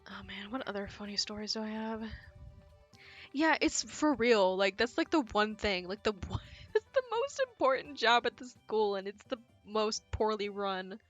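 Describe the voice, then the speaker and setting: Young woman streamer, casual rambling chat, mid-pitched, faint background music. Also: sing-song, moderate pace, highs cut off. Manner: rambling, swearing, giggly storytelling. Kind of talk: casual chat while gaming.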